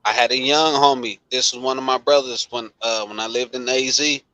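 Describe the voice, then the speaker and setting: Bright-voiced storytelling man from Long Beach. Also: mid-range voice, fairly quick, dry recording, rough recording. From Long Beach, California. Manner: animated, emphatic repetition. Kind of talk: casual storytelling chat.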